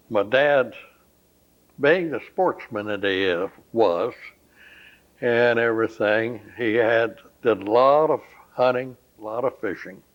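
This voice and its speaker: An older man from Florida, recalling his family history at a slow, rambling pace in an oral history interview. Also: medium pitch. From Florida, USA. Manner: slow, rambling, pauses often with "uh". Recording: dull lo-fi recording.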